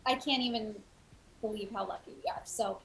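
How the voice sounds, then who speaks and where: A woman's voice: mid-range voice, a little fast, fairly bright tone, poor audio. A woman from Los Angeles, a voice actor, talking enthusiastically and gratefully about her career in a casual panel chat.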